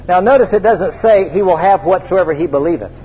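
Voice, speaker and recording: Male pastor, high voice, call-and-response preaching; muffled church recording with reverb. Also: fairly quick. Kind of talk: sermon.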